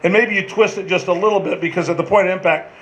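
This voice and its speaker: High-voiced man telling folksy stories. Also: fast, a bit bright, poor audio. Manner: folksy, detailed anecdotes, addresses others by name. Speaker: former player and manager, panel guest. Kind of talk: storytelling at a live panel.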